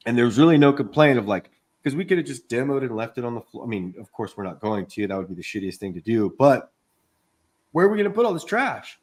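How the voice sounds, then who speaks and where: A contractor co-hosting a casual podcast rambles through a long story from a job site, swearing often and acting out what people said. He talks fast in a sing-song, mid-range voice with a darkish tone.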